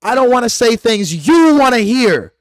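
A man's voice: very high-pitched, sing-song, moderate pace, dry recording, clean studio sound. A man delivering an aggressive, profane, preachy rant straight to his viewers as a vlogger. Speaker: conspiracy vlogger. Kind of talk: ranting monologue to camera.

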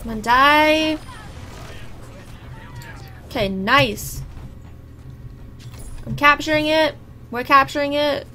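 Bright-voiced, high young woman gaming. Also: slow, long pauses, a little hiss or hum. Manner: chatty, exclaiming at the game, laughing. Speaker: gaming YouTuber. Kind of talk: live gameplay commentary.

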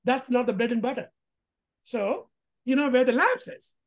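A woman hosting a casual commentary vlog, talking in an animated, emphatic way with rhetorical questions and restarts. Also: fairly high pitch, moderate pace. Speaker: host.

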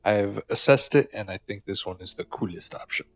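A low, gravelly man riffs through his gameplay in a loose, joking way, swearing and mocking the people on screen. His voice comes through a dull, lo-fi mic. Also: a little fast. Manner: joking, swearing, talks to game characters. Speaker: gamer. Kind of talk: casual gameplay commentary.

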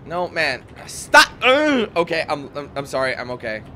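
A man's voice: medium pitch, brisk, pushed and bright, a little hiss or hum. A young man casually commentating a game, chatty and swearing when frustrated. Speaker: gameplay commentator. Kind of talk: casual let's play commentary.

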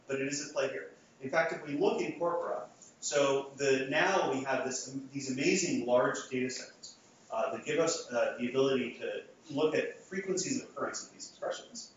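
A man's voice: medium pitch, fairly quick, a little hiss or hum. A man giving an academic lecture to a live audience, talking conversationally with frequent restarts and fillers. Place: lecture hall. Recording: echoey hall, far from mic, dull sound.

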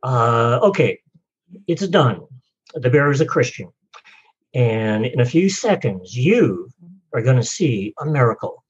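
A man's voice: medium pitch, animated, measured pace, pauses often, slightly rough, lo-fi sound. A man voicing God as a wry, skeptical male voice from the sky in a joke. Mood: sardonic. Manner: dry, sardonic questioning.

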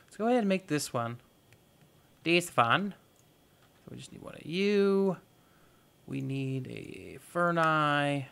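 A man's voice: fairly high pitch, gravelly, a bit bright, clear, resonant tone. A man hosting a gaming video, giving casual let's-play commentary and thinking aloud with playful, goofy exclamations.

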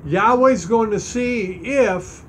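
A man's voice: high-pitched, slow, slight background noise. A man preaching, reading scripture aloud and stressing its key points. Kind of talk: Bible teaching sermon.

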